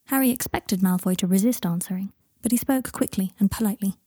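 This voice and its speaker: A woman narrates an audiobook in a steady, even manner. Her voice is husky and mellow, with a dry, close sound. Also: mid-range voice, quick pace, hardly any pauses, dry recording.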